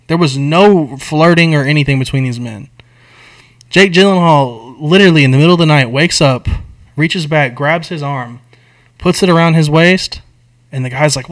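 Young male podcast co-host, casual and crude, telling a story with big swings in energy. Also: a little high. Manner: animated, profane storytelling with slang. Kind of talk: casual chat, retelling a movie plot.

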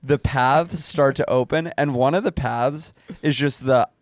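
A man's voice: medium pitch, unhurried, dry recording, studio quality. A man who does comedy, musing and rambling in casual podcast chat.

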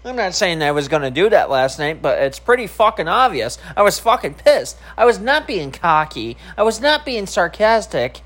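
A man's voice: high voice, very animated, moderate pace, hardly any pauses, fairly bright tone. A man streaming and vlogging, talking casually to camera in a rambling, profane way with many filler ums.

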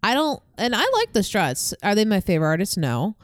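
A young woman co-hosting a podcast, chatting casually with lively, quick replies. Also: mid-range voice, dry recording. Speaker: podcast co-host. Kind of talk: casual chat.

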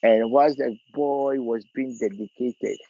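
A man leading a prophetic prayer session as pastor, pleading fervently and repeating phrases, rising to near shouts. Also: mid-range voice, fairly even intonation, unhurried, dry recording, highs cut off.

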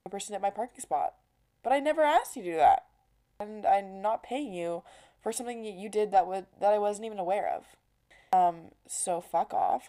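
A woman in her twenties hosting a podcast, telling a story in a chatty way, filling her talk with "like" and acting out quoted exchanges. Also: fairly low pitch. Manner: chatty, heavy use of "like", animated quoting. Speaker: podcast host. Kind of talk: casual storytelling monologue.

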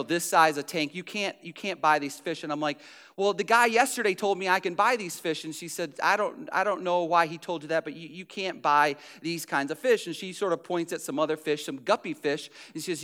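Middle-aged man, high bright voice, smooth and clear, chatty anecdote with fillers. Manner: chatty, self-deprecating, lots of fillers and restarts. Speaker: storyteller. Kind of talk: casual personal anecdote.

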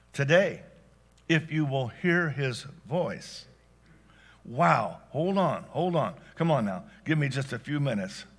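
A man preaching a sermon as pastor, dynamic, swinging from loud exclamations to hushed asides. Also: medium pitch.

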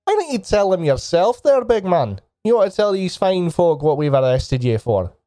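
A man's voice: sits high, sing-song, normal speed, dark tone, no room sound, studio quality, voice pushed up. A man voicing a mocking, bossy guard sergeant in a tabletop game, taunting in a raised, swooping voice. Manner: mocking sing-song taunts, curt orders.

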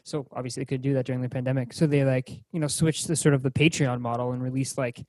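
A man's voice: medium pitch, flat delivery, quick pace, darkish tone, dry recording. A man with a Boston accent chatting about music on a video call, rambling and searching for words. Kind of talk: casual chat.

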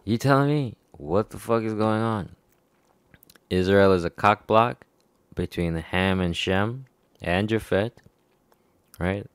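A man's voice: fairly low pitch, slow pace, long pauses, clear, resonant tone, dry recording. A man in a rambling, profane monologue to camera, chuckling often between remarks. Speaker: vlogger. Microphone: personal microphone.

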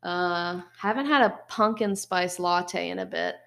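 A woman's voice: fairly low pitch, a little slow, creaky, fairly bright tone. A young woman co-hosting a podcast, chatting casually with a wry, drawling manner. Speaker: podcast co-host. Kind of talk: casual chat.

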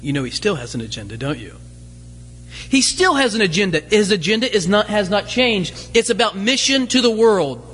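A man's voice: high voice, sing-song, normal speed, a bit bright, soft background music. A man preaching a sermon as pastor, conversational, full of rhetorical questions and light humorous asides. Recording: long hall reverb.

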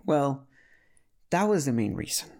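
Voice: medium pitch, big pitch swings, unhurried, darkish tone. A speaker casually telling a story about learning a language, chatty and full of restarts and fillers.

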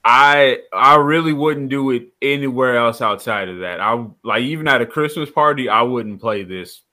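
A man's voice: medium pitch, normal speed, bright, forceful tone. A man chatting casually about a movie with brief, dry remarks. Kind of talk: casual movie review chat.

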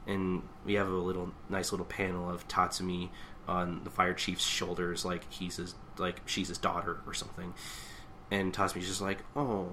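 A man co-hosting a podcast, casually recapping a manga chapter and acting out characters' lines with animated delivery. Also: low-pitched, a little hiss or hum. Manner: animated, acts out characters' lines in quick voices. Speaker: podcast co-host.

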